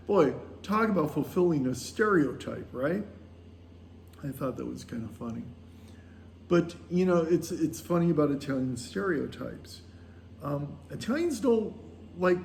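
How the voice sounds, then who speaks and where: A man in his sixties with a voice pitched a little above most men's, chatting straight to his viewers. He wanders through his story with plenty of ums and uhs and chuckles along the way. A faint hum of surroundings sits under the voice. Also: sing-song, measured pace, gravelly, a little mellow, echoey room. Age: 60s. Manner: rambling, with frequent fillers and chuckles. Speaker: vlogger on a pilgrimage. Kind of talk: casual storytelling monologue.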